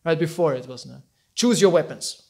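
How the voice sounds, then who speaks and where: A man giving an informal storytelling talk as a teacher, animated and acting out quotes with frequent laughs. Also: on the high side, moderate pace, vocal fry.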